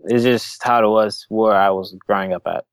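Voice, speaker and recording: A man's voice: lowish voice, steady tone, moderate pace, no room sound. A young man calling in to a talk show, rambling in a casual way, with lots of "like" and frequent chuckles. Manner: rambling, many "like" fillers, chuckling. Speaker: caller. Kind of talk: casual call-in chat.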